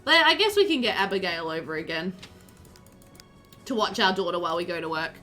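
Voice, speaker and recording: Chatty Australian woman, bright voice. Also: on the low side, lively intonation, fairly quick, faint music behind. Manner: rambling, chatty, many fillers like "like" and "um". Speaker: game streamer. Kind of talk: casual chat while live-streaming a game.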